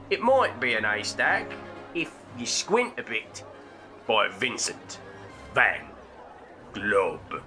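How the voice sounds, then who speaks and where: A man plays a brusque, bumbling police inspector in a comic radio play, barking out his commands. His voice is sharply bright and slow-paced, rising and falling widely. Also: mid-range voice, exaggerated voice.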